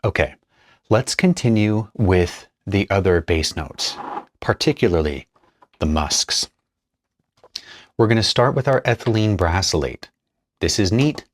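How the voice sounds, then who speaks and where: A man's voice: lowish voice, expressive, a little slow, long pauses, slight background noise. A man explaining perfume materials as he mixes them, chatting casually and thinking aloud while he works. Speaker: perfumer demonstrating a blend. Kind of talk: casual hands-on tutorial narration.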